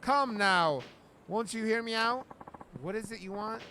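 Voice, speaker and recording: Man putting on a pompous snooty nobleman, flowery insults, bright high voice, game dialogue read aloud. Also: a little slow, slight background noise, exaggerated voice, low-quality recording. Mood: haughty. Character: pompous male self-styled nobleman, thirty-five.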